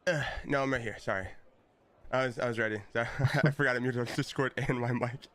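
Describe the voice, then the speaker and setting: A man playing in an online tabletop session, chatting loosely between bits of play. His voice is smooth and clear. He laughs easily as he talks. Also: medium pitch, steady tone, fairly quick, a bit bright. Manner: laughing, apologetic. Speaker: player. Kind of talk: tabletop game chat.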